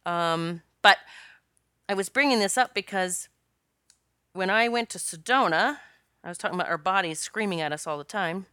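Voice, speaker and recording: A woman's voice: lowish voice, normal speed, long pauses, bright, forceful tone, clean tone, no echo, studio quality. A woman hosting her own podcast as a spiritual coach, telling a personal story in a chatty, rambling way with many restarts and laughs. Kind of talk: casual solo podcast storytelling.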